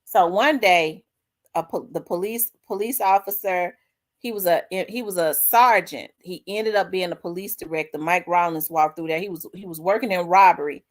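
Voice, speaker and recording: A middle-aged woman, hosting her own show and candidly telling a personal story, acting out the dialogue with big swings in her voice. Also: normal speed. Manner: animated, acts out quoted dialogue with big pitch jumps. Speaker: host.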